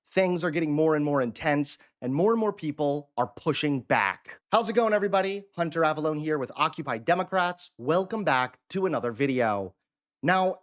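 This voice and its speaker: A man hosting a political commentary video, with an emphatic, dramatic delivery. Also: on the high side. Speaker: host.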